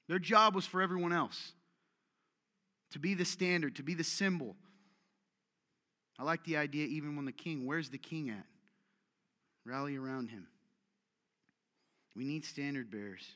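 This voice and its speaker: A man preaching a sermon as pastor, direct and energetic, with rhetorical questions and self-deprecating humor. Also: a little high. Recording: long reverberant hall.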